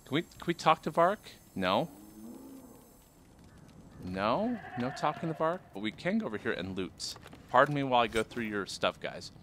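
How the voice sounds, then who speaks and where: A man's voice: medium pitch, big pitch swings, normal speed, sharp tone, slight background noise. A man giving playful, jokey commentary while he plays a video game and talks to his viewers. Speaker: let's play gamer. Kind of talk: casual gameplay commentary.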